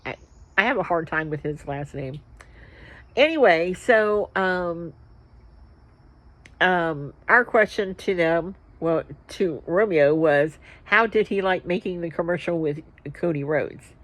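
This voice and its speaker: A woman hosting a wrestling vlog, telling a rambling, excitable story with plenty of fillers and restarts. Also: lowish voice, slow pace, no room sound, rough recording. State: about to sneeze.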